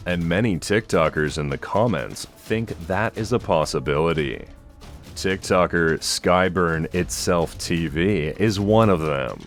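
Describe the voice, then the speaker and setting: A man giving a scripted horror-list narration in a slow, ominous storytelling manner. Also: low voice. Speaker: narrator of a countdown list video. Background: soft background music.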